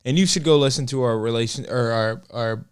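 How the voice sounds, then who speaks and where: A man's voice: medium pitch, a little fast, smooth. A young man in his twenties co-hosting a casual couple podcast, joking and teasing his partner. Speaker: podcast co-host.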